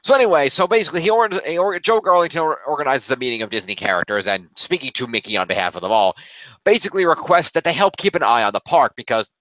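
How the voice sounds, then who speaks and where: A man with a bright, forceful voice hosts a casual review chat, rambling through a plot recap with plenty of "uh" and "basically". The recording is dull and lo-fi, with a dry sound and no room echo. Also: fairly high pitch, lively intonation, fast talker. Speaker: podcast host.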